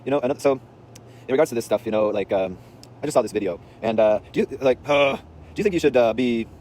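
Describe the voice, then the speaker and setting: A man's voice: medium pitch, normal speed, a little mellow, slight background noise. A man telling a story in a casual, rambling, slangy monologue, intense in delivery, recorded outdoors on a city street.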